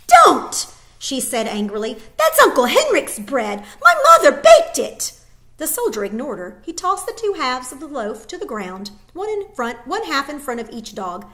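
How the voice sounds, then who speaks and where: A woman teacher reading a children's novel aloud to her class, expressive and with small slips. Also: on the high side.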